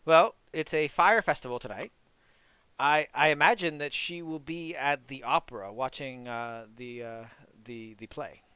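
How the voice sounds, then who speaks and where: A man's voice: medium pitch, sharp tone, smooth, no echo. A man voicing a timid male fire sage in a tabletop game who stammers and hesitates. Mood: defensive. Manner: halting, stammering repeats.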